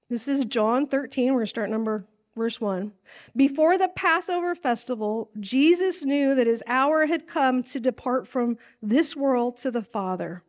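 A woman pastor teaching a sermon from scripture in a casual way, acting out lines in a livelier voice. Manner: casual, animated, acts out lines in a high voice.

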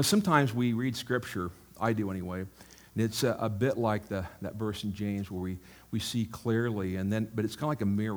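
A middle-aged male pastor giving a sermon, jokey and animated in the telling, then soft and prayerful. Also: on the low side.

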